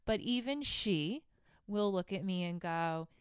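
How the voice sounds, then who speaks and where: A woman's voice: medium pitch, lively intonation, a little slow, clean tone, no echo, clean studio sound. A woman hosting a podcast and telling a story in a casual, blunt, profane way, with laughing asides into a handheld microphone. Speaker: podcast host. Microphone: handheld microphone held close.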